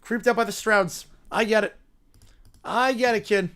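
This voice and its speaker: A man hosting a sports livestream, chatting casually and reading viewer messages. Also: moderate pace. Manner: relaxed, low-key, reading chat messages. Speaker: livestream host. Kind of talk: casual live-stream chat.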